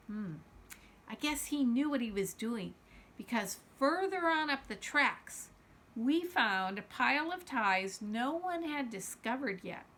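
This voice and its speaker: Storytime reader: woman, bright and high-ish, expressive children's book narration. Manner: expressive first-person storytelling. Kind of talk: reading a children's novel aloud.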